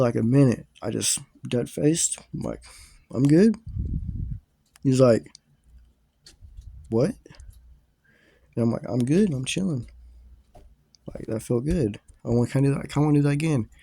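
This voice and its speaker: A man's voice: mid-range voice, vocal fry, dark tone, no echo. A young man casually telling a rambling story to his viewers, full of fillers and swearing.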